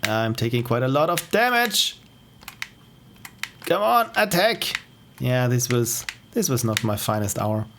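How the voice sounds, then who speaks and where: A man's voice: mid-range voice, slight background noise. A man with an Austrian accent streaming indie games, thinking aloud with curious questions as he plays. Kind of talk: live gameplay commentary. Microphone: wearing headphones.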